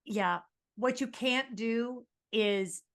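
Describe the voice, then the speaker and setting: A woman co-hosting a casual podcast, speaking with lively, ranting energy. Her talk is animated, and she laughs often as she makes her points. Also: on the high side, extremely slow. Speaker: podcast co-host.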